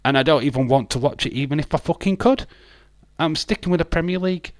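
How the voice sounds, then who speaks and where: An English man hosting a casual live stream, swearing bluntly and ranting, his voice hoarse. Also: a little high, quick pace, no room sound, studio quality. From England.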